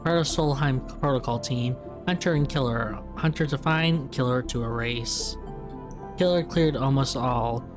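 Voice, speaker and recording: A man voices a runaway AI hiding inside a vending machine, reading its fragmented game lines aloud without putting on a character voice. His natural tone is medium-pitched and measured, with game music in the background.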